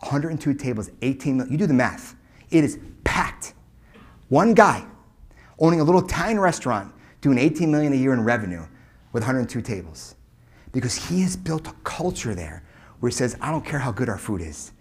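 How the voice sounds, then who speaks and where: Husky, emphatic male keynote speaker. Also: mid-range voice, fairly quick. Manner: energetic, emphatic, swings between loud punches and hushed asides. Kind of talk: motivational keynote storytelling.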